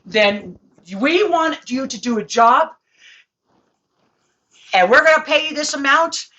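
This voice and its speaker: A woman's voice: high-pitched, lively intonation, slow pace, pushed and bright, muffled recording. A woman in a heated argument, giving curt, adamant refusals. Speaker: family member in the argument.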